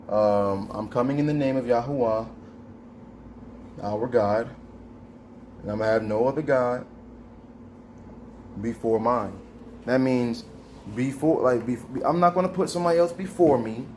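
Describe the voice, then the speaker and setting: A man's voice: medium pitch, a little hiss or hum. A man hosting a casual spiritual monologue, talking in a slangy, conversational street style. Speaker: host.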